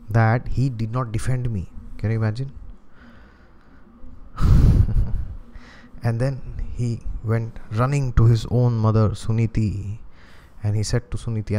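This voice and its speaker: Indian guy telling a spiritual story, low mellow voice, keeps chuckling and asking "can you imagine". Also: a little hiss or hum. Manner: animated storyteller who chuckles often and asks rhetorical questions. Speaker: spiritual teacher and astrologer. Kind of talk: devotional storytelling talk.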